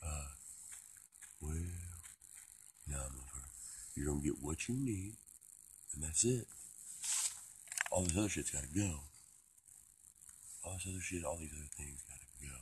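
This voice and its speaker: A man delivering a profane, rambling philosophical monologue, swinging between loud outbursts and hushed whispers. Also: a bass voice, lively intonation, moderate pace, long pauses, a little hiss or hum. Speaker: vlogger.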